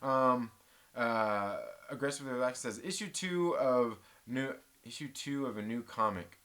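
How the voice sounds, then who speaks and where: A man hosting a casual live-stream chat, reading viewer comments aloud and telling rambling, animated stories with restarts and mild cursing. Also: medium pitch, a little slow. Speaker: host.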